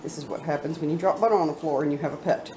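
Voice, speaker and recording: Baking at home for her cooking vlog, a woman with a low, warm voice talks at a racing pace, giggling and chatting to her pets. The room echoes, she's somewhat distant from the mic, and there's slight background noise.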